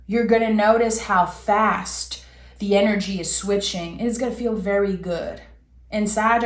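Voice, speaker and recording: A woman reads tarot cards in an earnest, heartfelt way, speaking directly to her viewer. Her voice sits in the middle range and carries a noticeable roomy echo. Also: mid-range voice. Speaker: tarot reader. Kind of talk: tarot reading to camera.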